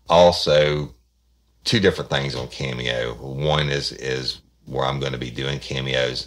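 A man's voice: very deep voice, a bit bright. A man, hosting a podcast in rambling casual chat with many restarts. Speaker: podcast host.

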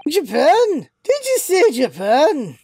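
A woman's voice: on the high side, expressive, moderate pace, a little mellow, a little hiss or hum, natural voice. A woman voicing a hostile, brusque male prison governor with a put-on Scottish accent. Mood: gruff. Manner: brusque, threatening.

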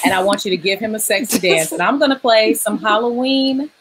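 A woman's voice: fairly high pitch, steady tone, brisk, noisy background. A woman hosting a livestream dating game show, playful, laughing often and reading out donations. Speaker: host.

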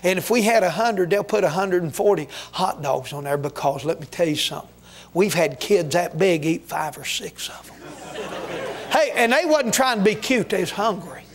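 A man with a notably high voice preaching a revival sermon in a church. He exhorts his listeners with folksy fervor and weaves homespun stories into his appeals. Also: expressive, normal speed, some chatter behind, a little hiss or hum. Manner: folksy, exhorting, with storytelling asides. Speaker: guest preacher. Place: church sanctuary.

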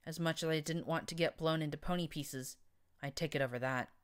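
A beaten, broken-down mare, as a woman reading aloud puts her on. She sobs her words in a defeated, low voice. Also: a little fast, close to an everyday voice. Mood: sobbing. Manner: sobbing, defeated.

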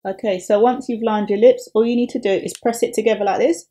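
A woman's voice: on the high side, fairly even intonation, quick pace, mellow. A woman makeup artist talking through a tutorial step by step in a chatty, upbeat way.

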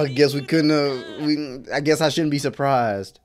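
A man's voice: mid-range voice, moderate pace. A man giving casual reaction commentary on an anime episode, talking back to the screen with frequent exclamations and laughs. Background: faint episode soundtrack music.

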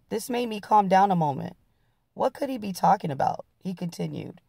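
Gravelly-voiced woman reading a memoir. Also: medium pitch, expressive, normal speed, dark tone, no room sound, studio quality. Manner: plain-spoken, blunt. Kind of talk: reading a book aloud.

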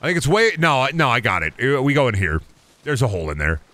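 A man's voice: mid-range voice, sing-song, fast talker, noisy background. A man streaming a video game and commenting live, talking in a profane, repetitive, often exasperated mutter.

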